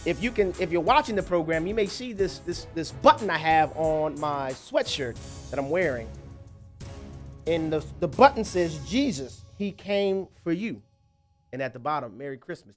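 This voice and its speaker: A man hosting a radio talk show, hoarse and scratchy-voiced, chuckling and rambling loosely with restarts. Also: fairly high pitch, a bit bright.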